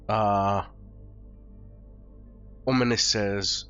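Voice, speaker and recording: Hoarse man game master narrating. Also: lowish voice, measured pace, pauses often, a bit bright. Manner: loose, filler-heavy narration. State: hoarse from flu. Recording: dull lo-fi recording, faint music.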